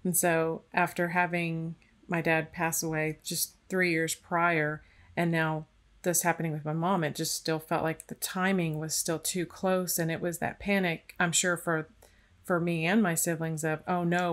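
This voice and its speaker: A woman podcast host talks in a reflective, unhurried way, pausing and searching for the right words. Her voice sits a little low and sounds plain and natural. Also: flat delivery. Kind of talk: casual interview chat.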